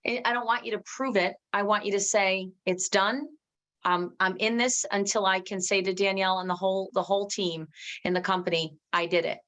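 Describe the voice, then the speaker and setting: Fast-talking woman pumping up her team, lowish voice, emphatic, keeps restarting sentences. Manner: energetic, emphatic, reads out viewers' comments. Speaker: company executive giving a team training. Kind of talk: motivational training talk.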